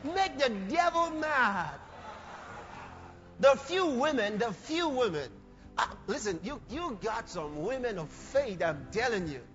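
A man preaching a fervent sermon, with bursts of shouting and acted-out quotes. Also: high-pitched, sing-song, moderate pace, faint music behind. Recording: dull, echoey hall recording.

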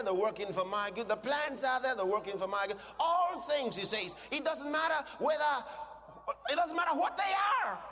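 A man preaching a sermon, moving between quiet teaching and shouted declarations. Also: very high voice. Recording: long hall reverb.

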